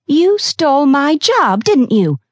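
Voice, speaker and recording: A woman's voice: high-pitched, very animated, slow pace, no room sound, studio quality, pitched above the performer's own voice, heavily acted. A woman voicing a fiery woman executive who speaks in an angry, defiant way, read for an audiobook. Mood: furious.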